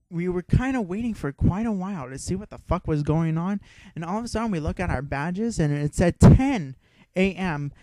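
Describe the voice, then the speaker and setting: A young man co-hosting a podcast, telling a story in casual chat, excitable and swearing freely. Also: fairly high pitch, no room sound. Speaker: podcast co-host.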